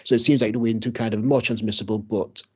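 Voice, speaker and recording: A man from the United Kingdom hosting a podcast, chatting casually and asking lively questions. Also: on the low side, quick pace, breathy edge, muffled recording. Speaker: podcast host.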